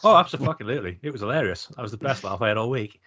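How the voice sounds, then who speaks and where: A Welsh man talking quickly in casual podcast chat, chatty and sweary. His voice sits a bit low. The audio is slightly muffled and lo-fi. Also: a bit bright. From Wales. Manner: chatty and sweary, full of trivia. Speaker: podcast co-host.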